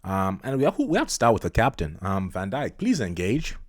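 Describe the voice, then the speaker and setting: Fed-up male football vlogger, very low voice, dry close sound, repetitive rant. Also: very animated, fairly quick, no room sound. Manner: frustrated, repetitive, exasperated. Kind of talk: ranting football vlog.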